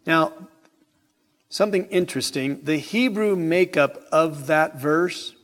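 A man preaching an evening sermon in a church sanctuary, emphatic and deliberate, asking the congregation rhetorical questions. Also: on the high side, a bit bright. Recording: hall reverb in sanctuary.

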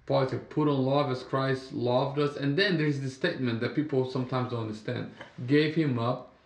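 A man from Brazil speaks English with a Brazilian Portuguese accent as he co-hosts a casual Bible study talk. His voice sits at an ordinary middle pitch, and he often stops and restarts his sentences. The room around him has a roomy echo. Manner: halting, many restarts, animated when telling stories. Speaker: podcast co-host.

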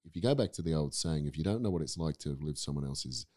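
A man's voice: extremely low pitch, animated, fast talker, a little mellow. An Australian man, an actor and teacher, talking through ideas in a casual podcast, rambling with frequent restarts. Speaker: guest actor and acting teacher.

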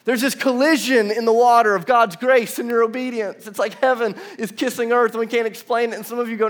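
A man's voice: extremely high pitch, fairly quick, few pauses. A young man preaching a conversational sermon in a large church room, telling stories with casual asides. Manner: animated storytelling, casual asides. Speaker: pastor. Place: large church room with about seven hundred seats.

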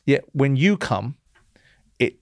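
Gravelly-voiced male interview host. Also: mid-range voice, big pitch swings, slow, darkish tone, no echo, clean studio sound. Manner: blunt, challenging, cuts in with pointed questions. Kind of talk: confrontational interview.

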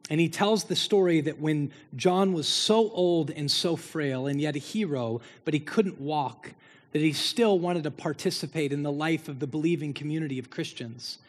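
A man's voice: on the high side, normal speed. A man preaching a sermon as pastor, building emphasis through repeated phrases. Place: church sanctuary. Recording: long hall reverb.

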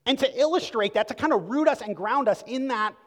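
A man's voice: very high-pitched, animated, a little fast, in a large hall. A man preaching a sermon, conversational and emphatic, with rhetorical questions and asides to the congregation. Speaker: pastor.

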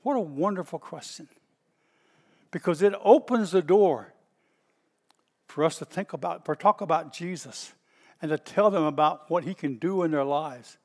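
A man's voice: on the high side, normal speed, long pauses, a little mellow. A man preaching a sermon, reading scripture aloud and commenting on it with emphatic repetition. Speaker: pastor.

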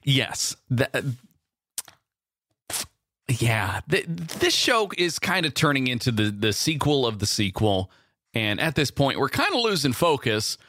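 A man co-hosting a podcast, casually bantering and eagerly pitching silly ideas. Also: very animated, unhurried, pushed and bright. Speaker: podcast co-host.

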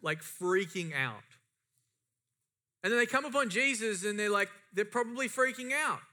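High, bright-voiced male preacher. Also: expressive, normal speed. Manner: impassioned, rising and falling emphasis. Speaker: pastor. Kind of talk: sermon.

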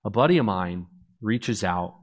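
A man in his thirties giving a personal testimony, an animated storyteller who acts out the dialogue. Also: on the low side, measured pace.

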